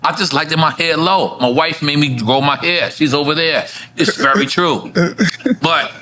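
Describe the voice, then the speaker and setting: A man from New York City with a New York accent, hosting a casual chat in a loud, profane way and laughing often. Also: on the high side, moderate pace, crowd noise. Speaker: podcast host. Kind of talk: loose casual chat over drinks.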